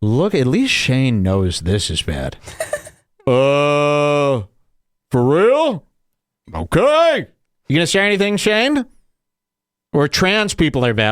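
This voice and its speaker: A man hosting a podcast, ranting crudely and mockingly, now and then jumping into high put-on voices. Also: wildly swooping pitch, takes it slowly, long pauses, dry recording, clean studio sound. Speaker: podcast host. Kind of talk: crude comedic podcast rant.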